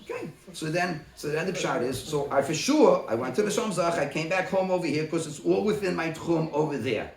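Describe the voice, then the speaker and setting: A man leading a Talmud study group who talks through a case by acting out both sides in quick exchanges. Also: a little high, expressive, vocal fry. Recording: roomy, from a distance.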